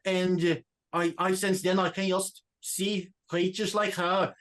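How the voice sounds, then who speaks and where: A man voicing a lovesick young Swedish immigrant who hunts monsters, speaking with a put-on Swedish accent and halting English. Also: high voice, level tone, a bit bright. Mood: dreamy. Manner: halting, searching for English words. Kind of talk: tabletop role-play in character.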